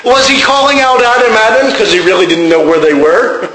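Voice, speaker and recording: Male preacher, high bright voice, conversational sermon, roomy echo. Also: expressive, brisk. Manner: conversational preaching with folksy asides. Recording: roomy echoing room.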